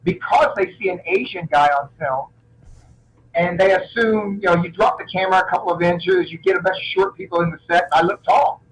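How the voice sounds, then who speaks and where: A middle-aged man, an action film actor as a guest, telling animated anecdotes in a casual interview and often restarting his sentences. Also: high voice, fairly quick, low-quality recording.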